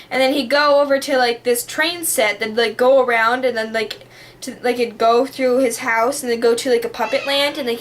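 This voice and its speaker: A woman vlogs in a casual, rambling monologue, bubbly and dramatic, with lots of fillers, especially "like." Her voice is a little high and a bit bright.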